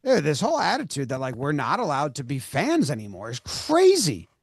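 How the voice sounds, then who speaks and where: Podcast co-host, man, exasperated ranting delivery, a touch higher than most, dry close sound. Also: wildly swooping pitch, fairly quick, creaky, dry recording. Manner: fired-up, exasperated, swears. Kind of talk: casual sports podcast chat.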